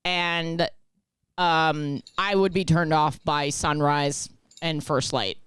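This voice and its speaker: A woman's voice: deep voice, fairly even intonation, slow, a bit bright, clean tone, no echo. A woman co-hosting a podcast in casual chat, giving blunt, opinionated advice. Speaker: podcast co-host. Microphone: studio microphone close up.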